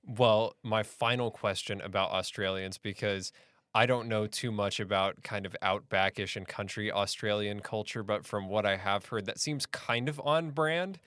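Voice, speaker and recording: Low, smooth young American male host. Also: normal speed, no echo. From United States. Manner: relaxed, rambling questions. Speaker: podcast host. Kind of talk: casual interview chat.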